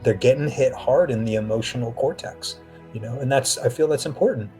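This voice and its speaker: A man talking as a guest on an interview podcast, an animated storyteller who slips into acted-out quotes. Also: mid-range voice, a little fast, faint music behind. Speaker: author and actor, podcast guest. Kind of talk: casual interview talk.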